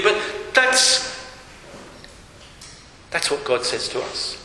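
A man preaching a sermon, emphatic and repetitive, sometimes dropping to a hushed voice. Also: mid-range voice, very animated, takes it slowly, long pauses. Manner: emphatic, repeating phrases, dropping to hushed tones. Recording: echoey hall with faint hiss.

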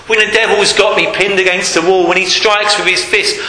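A man preaching a sermon, earnest, dropping from full voice to a hush for emphasis. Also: high voice, steady tone, normal speed. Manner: earnest, swings from loud to hushed for emphasis. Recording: echoey hall with long reverb, faint hiss.

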